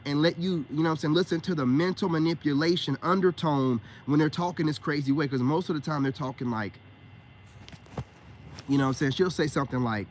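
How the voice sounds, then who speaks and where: Middle-aged man, high-pitched, animated and emphatic, streetwise slang, solo livestream rant, faint background noise. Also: brisk. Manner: animated, emphatic, slangy, repeats words in bursts. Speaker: self-styled spiritual coach.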